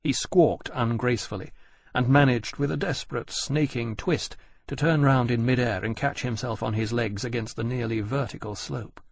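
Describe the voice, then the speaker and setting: A man narrating an audiobook in a measured, descriptive storytelling manner. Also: mid-range voice, steady tone, creaky, breathy edge, dry recording. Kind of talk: scripted narration.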